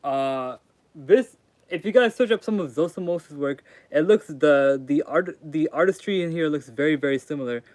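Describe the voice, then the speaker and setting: A man's voice: a little high, normal speed, darkish tone, no echo. A young man streaming live, rambling casually as he reads and answers chat in slangy talk. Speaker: streamer reading aloud. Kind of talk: casual livestream commentary.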